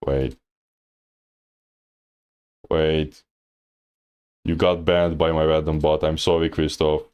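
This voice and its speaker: A man's voice: a bass voice, little pitch movement, slow, darkish tone, smooth. A man coaching on a livestream, reviewing a player's match in a laid-back, slangy, teasing way and laughing often. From Thailand. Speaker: game coach reviewing gameplay. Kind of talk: casual livestream coaching commentary.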